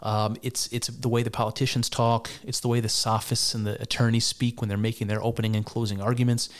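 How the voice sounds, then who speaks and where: A man's voice: medium pitch, flat delivery, quick pace. A man giving casual spoken commentary on clips, argumentative and wry, with frequent restarts and mock laughter.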